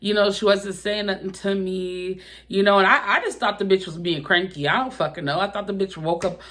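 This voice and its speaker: A young woman vlogger telling a personal story in a casual, profane, animated way, acting out her own outbursts. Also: medium pitch, fairly quick. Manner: profane, animated retelling with exaggerated quoted outbursts.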